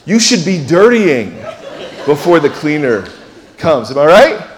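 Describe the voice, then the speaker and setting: A man preaching a sermon in a church, conversational and self-deprecating, moving between loud emphasis and hushed asides. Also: a little high, very animated, unhurried, long reverb tail. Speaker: pastor. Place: church sanctuary.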